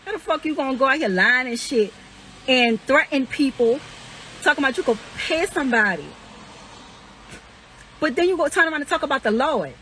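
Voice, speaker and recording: A woman's voice: high-pitched, expressive, fairly quick, pauses often, sharp tone, slight background noise, low-quality recording. A young woman venting heatedly and profanely, indignant and repeating herself. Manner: indignant, repetitive, swears constantly, rising to incredulous peaks. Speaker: woman airing accusations against an ex.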